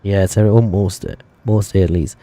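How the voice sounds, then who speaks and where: Mellow, low-voiced man musing over flights. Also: steady tone, fast talker, no room sound. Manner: thinking aloud, rambling with fillers and self-corrections. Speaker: flight sim streamer. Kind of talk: casual live-stream chat.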